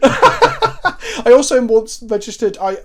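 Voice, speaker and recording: A man's voice: extremely high pitch, huge pitch swings, slow. A man chatting casually during a card game, rambling through anecdotes with swearing and self-mockery. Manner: rambling, swears, self-mocking, frequent restarts. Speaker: card game player and co-host. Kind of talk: casual gameplay chat with anecdotes.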